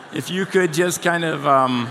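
A man's voice: a little high, creaky, a bit bright, slight background noise. A middle-aged man as pastor giving a conversational sermon and putting questions to his congregation. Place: church hall. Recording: long hall reverb.

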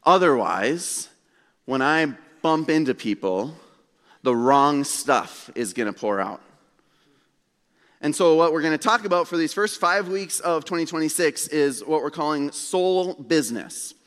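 A man preaching a sermon as pastor in a church, telling a story in a relaxed, conversational way with self-deprecating humor. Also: on the high side, measured pace. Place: church sanctuary. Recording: long hall reverb.

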